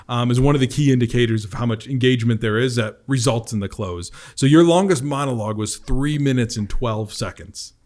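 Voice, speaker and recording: Male podcast host, mid pitch, conversational sales coach. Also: darkish tone. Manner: conversational, restates points for the audience. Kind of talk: coaching review of a recorded sales call.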